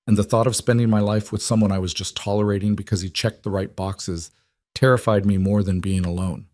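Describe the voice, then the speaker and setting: A man's voice: fairly low pitch, fairly even intonation, brisk, a little mellow, no room sound, studio quality, close to an everyday voice. A man voicing a guarded, driven woman CEO in an audiobook-style story reading, with an earnest, confessional manner that tips into anxiety.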